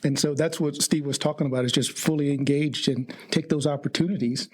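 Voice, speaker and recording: A man co-hosting a podcast, speaking earnestly and haltingly, often repeating words. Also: fairly high pitch, steady tone, darkish tone, husky. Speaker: podcast co-host. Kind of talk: casual chat.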